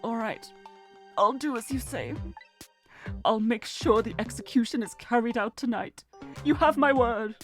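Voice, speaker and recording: A woman's voice: a little high, unhurried, long pauses, faint music behind, natural voice. A British woman reading the lines of a hesitant government minister in a video game. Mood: compliant.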